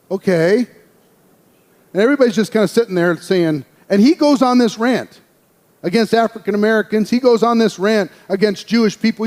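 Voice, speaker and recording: Man, high voice, storytelling speech, acts out voices, hall reverb. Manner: animated, acts out quoted voices. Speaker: speaker telling a personal story.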